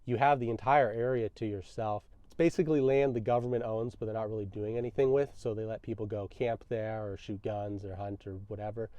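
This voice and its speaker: Relaxed, wry young man telling a story. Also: fairly low pitch, brisk, hardly any pauses, dry recording. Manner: relaxed, self-deprecating, wry. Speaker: vlogger. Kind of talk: casual storytelling.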